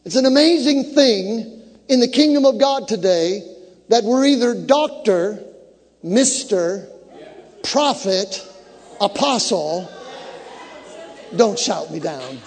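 A man with a high voice preaches a sermon, his words ringing through a long hall reverb. He builds to fervent shouts and drops into joking asides to the congregation. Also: expressive, slow pace, long pauses, husky.

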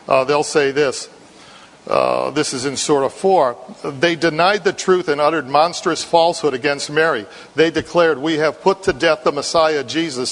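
A man from Ireland, a missionary preacher, giving a sermon in a conversational storytelling way, often repeating words. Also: a little high. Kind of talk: sermon with anecdote. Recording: long reverb in a hall.

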